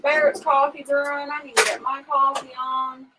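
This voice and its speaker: A woman's voice: high voice, level tone, normal speed, distant mic, background noise. A woman hosting a casual morning livestream, chatting easily, laughing often and greeting viewers by name. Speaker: livestream host. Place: at home on a small farm.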